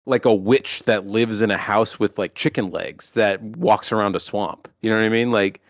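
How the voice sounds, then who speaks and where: A man co-hosting a podcast, talking casually in a rambling, profane, animated way with lots of restarts. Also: lowish voice, normal speed, no room sound, clean studio sound. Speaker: podcast co-host.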